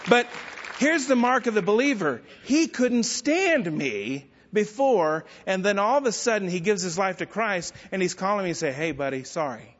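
A man's voice: high voice, expressive, normal speed, a bit bright, some chatter behind. A middle-aged male pastor preaching a sermon, telling stories with self-deprecating humor. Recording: dull sound with long church-hall reverb.

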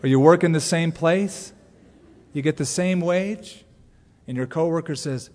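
Pastor preaching in a reverberant hall. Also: male voice, unhurried. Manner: conversational preaching with sudden loud, high-pitched asides. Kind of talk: sermon. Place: church sanctuary. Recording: long hall reverb from a church.

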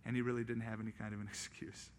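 A male pastor preaching a sermon, acting out quoted voices in lively storytelling. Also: fairly low pitch, very fast, slight background noise.

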